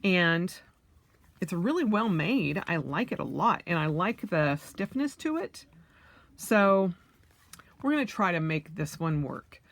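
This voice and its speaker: Slow-talking woman unboxing, chatty. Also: fairly low pitch, very animated, gravelly, no echo. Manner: chatty, thinking aloud with frequent fillers and squeals of delight. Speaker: vlogger. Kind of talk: casual unboxing vlog.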